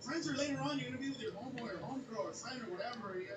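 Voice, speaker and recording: Loud high-pitched ranting male comic. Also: very fast, roomy sound, a loud crowd. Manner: loud, profane ranting with shouts. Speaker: stand-up comedian. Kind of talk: stand-up set.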